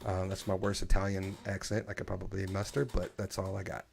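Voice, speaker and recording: A man with a gravelly voice hosts a casual live-streamed chat. He talks in an animated, opinionated way, stumbling over restarts as he makes his points. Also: low voice, fairly quick, slight background noise. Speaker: podcast host.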